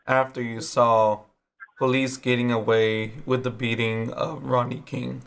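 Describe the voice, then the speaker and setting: A man's voice: mid-range voice, flat delivery, measured pace, vocal fry, fairly bright tone, clear, resonant tone. Thoughtful male interviewer. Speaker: interviewer, co-host. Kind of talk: interview questions.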